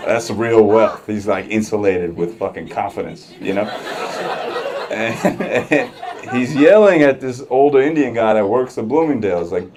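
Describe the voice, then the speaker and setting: A man's voice: mid-range voice, moderate pace, darkish tone. A man performing a stand-up comedy set on a club stage, telling a casual, profane story with wry asides. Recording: live club crowd and music.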